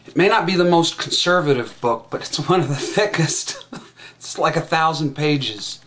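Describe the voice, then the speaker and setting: A man giving a satirical monologue, rambling and halting with frequent restarts, in a mock-earnest tone. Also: fairly high pitch, expressive, fairly bright tone, a little hiss or hum. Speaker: satirical commentator.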